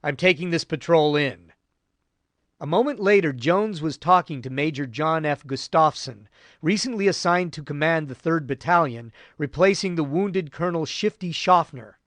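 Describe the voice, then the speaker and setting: A man narrating a war history audiobook in a measured, grave storytelling voice. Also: fairly high pitch, lively intonation, a bit bright, no room sound. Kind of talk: scripted narration.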